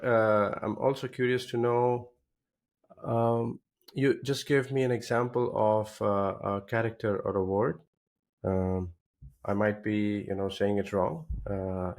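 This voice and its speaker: Hesitant, low-voiced man asking curious questions. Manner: hesitant, many filler sounds, curious questions. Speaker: podcast host. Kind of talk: interview conversation.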